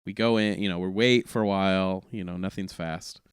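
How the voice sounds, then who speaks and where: The man speaks in a smooth, clear voice that sits at an ordinary pitch. He tells his story casually, in a rambling way, and keeps restarting his sentences. The sound is close and dry, with no room around it. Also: steady tone, brisk, dry recording. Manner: rambling, self-correcting, laughing through the story. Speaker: comedian guest.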